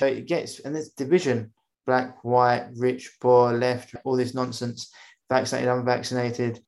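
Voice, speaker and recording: A man hosting a podcast interview, talking in a rambling, animated way and often acting out the voices of people he quotes. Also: medium pitch. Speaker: podcast host. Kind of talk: casual conversational interview.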